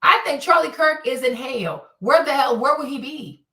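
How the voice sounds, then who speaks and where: A woman's voice: high voice, lively intonation, moderate pace, bright, forceful tone. Profane, combative woman streamer. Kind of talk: livestream rant answering chat. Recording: roomy echo, distant from mic.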